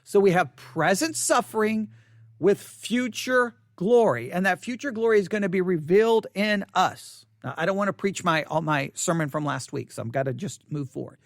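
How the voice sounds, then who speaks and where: Male pastor, high voice, candid and self-deprecating, bursts of excitement, dry close sound. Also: moderate pace, dry recording. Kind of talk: expository Bible study sermon. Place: church.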